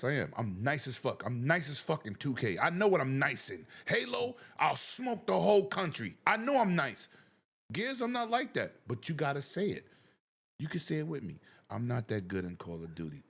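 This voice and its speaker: A man hosting a casual gaming chat who talks loudly and animatedly, often over other people. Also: medium pitch, husky. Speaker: show host.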